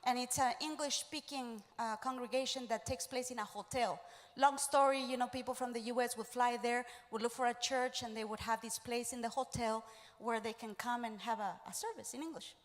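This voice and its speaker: Woman pastor, sermon, high-pitched, animated storytelling, teasing, echoing church hall. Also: a little fast. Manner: animated storytelling, acting out quoted voices; teasing, talks directly to congregation.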